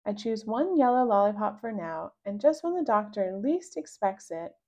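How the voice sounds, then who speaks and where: A woman reading a children's book aloud, narrating slowly and expressively in the first person. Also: mid-range voice, animated, warm tone. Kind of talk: read-aloud storybook narration.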